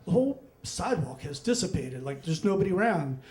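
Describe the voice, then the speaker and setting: A middle-aged man telling a personal story on stage at a live event, animated and often laughing, with lots of fillers and asides. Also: high voice, a little fast, echoey room.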